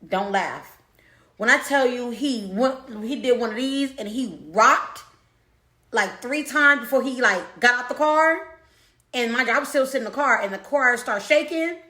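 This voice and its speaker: Animated woman telling a story, echoey room. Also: fairly high pitch, moderate pace. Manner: animated, repeats herself, talks to the audience. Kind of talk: casual storytelling to camera.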